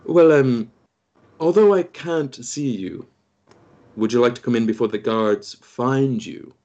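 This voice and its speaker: A man voicing a soft-looking, courteous male dwarf noble who speaks hesitantly. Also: medium pitch, lively intonation, a little slow, lo-fi sound, pitched above the performer's own voice, natural voice. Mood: polite.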